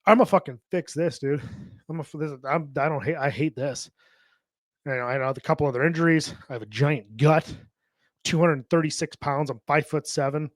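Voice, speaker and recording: A man's voice: on the high side, dry recording, studio quality. A man hosting a fitness podcast, talking bluntly and profanely in a tough-love motivational monologue into a podcast microphone. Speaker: podcast host and fitness coach.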